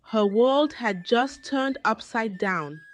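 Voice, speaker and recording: A woman telling a dramatic story in a scripted narration style, reading slowly and deliberately. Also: fairly high pitch, animated.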